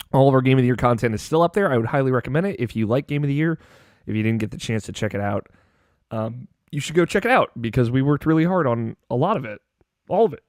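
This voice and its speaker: A man hosting a casual gaming podcast, talking in a loose, rambling way full of fillers and restarts. His voice sits in a middle pitch and is recorded close and dry. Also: clear, resonant tone, no echo. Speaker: podcast host.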